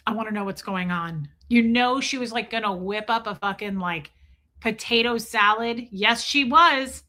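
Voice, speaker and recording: Middle-aged woman streamer, brash and animated, bright cutting tone. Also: on the high side, moderate pace. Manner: profane, animated, acts out quotes. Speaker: livestream host. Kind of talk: gossip commentary livestream.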